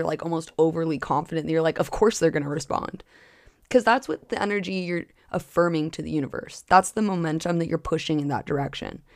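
Young female coach-host with a gravelly, fry-laden voice; passionate, loose, sweary solo talk. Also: low voice, no room sound, clean studio sound. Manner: passionate, frequent filler likes and cussing. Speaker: podcast host and spiritual coach. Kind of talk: casual solo podcast monologue.

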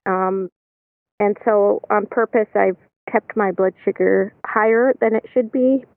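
Woman calling in, slow and hesitant, lots of ums, tinny dry phone sound. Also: mid-range voice, fairly even intonation, gravelly, no echo. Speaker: guest caller. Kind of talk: casual interview chat.

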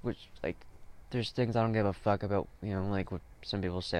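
A man hosting a podcast rambles through a solo monologue, heavy on fillers and swearing, with sudden bursts of frustration. His lowish, darkish voice is fairly even in intonation and a little fast.

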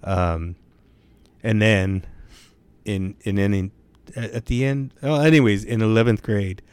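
A man's voice: fairly low pitch, unhurried, clean tone, no room sound. A young man telling stories in casual chat, with laid-back slang, heavy swearing and constant "bro" and "dude".

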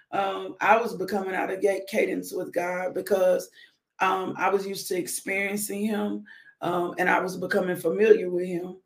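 A woman leading a live-streamed morning devotional, speaking warmly to her viewers and breaking into whoops and laughter. Her voice has a gravelly, creaky texture at mid pitch. The sound is roomy and echoey. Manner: conversational preaching, addresses viewers directly. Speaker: devotional host.

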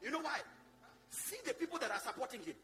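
A Kenyan man preaching a sermon in a very high voice that leaps up and down. He swings from loud shouting to quiet asides, passionate and forceful before his congregation. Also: very animated, fast talker, music in the background. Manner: passionate, shifts from loud shouting to low asides, mixes in Swahili. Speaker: bishop and preacher.

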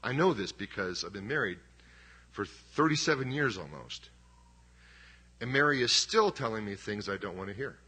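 A man's voice: fairly low pitch, very animated, normal speed, sharp tone, husky. A middle-aged man preaching a sermon as pastor, conversational and emphatic, with self-deprecating humor.

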